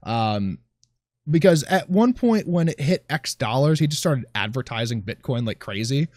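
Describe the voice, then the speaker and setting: A man's voice: mid-range voice, big pitch swings, normal speed, darkish tone, dry recording, studio quality. A man co-hosting a casual podcast chat, talking in a sarcastic, swearing way and often trailing off mid-sentence.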